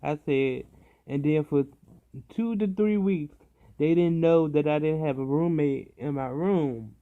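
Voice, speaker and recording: A man casually telling a story about his time in hospital, animated and full of profanity. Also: fairly high pitch, a little slow, phone-quality sound. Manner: animated, profane, dramatic retelling.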